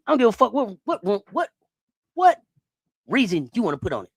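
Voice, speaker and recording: This sports-stream host has a mid-range, sing-song voice with vocal fry and a slightly rough edge, speaking fairly quickly but pausing often, with no room sound. She rants to her live chat in a heated, profane, repetitive way, frequently addressing viewers head-on.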